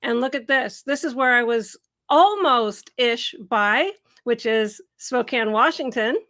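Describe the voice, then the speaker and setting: A woman's voice: a little high, unhurried, a bit bright. A middle-aged woman from the Seattle area hosting a live Q&A stream, bubbly and laughing often as she greets viewers and reads their comments. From Seattle area, USA. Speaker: host.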